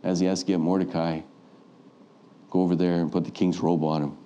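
Male preacher with a mellow voice, telling a Bible story in a sermon and playing out the people in it. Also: sits low, flat delivery, brisk, highs cut off, slight background noise. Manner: storytelling, acts out quoted voices.

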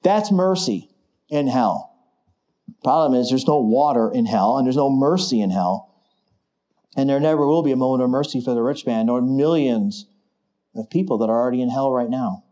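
A man's voice: mid-range voice, lively intonation, moderate pace. A middle-aged man preaching a sermon, building to emphatic declarations. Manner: emphatic, rising to forceful declarations.

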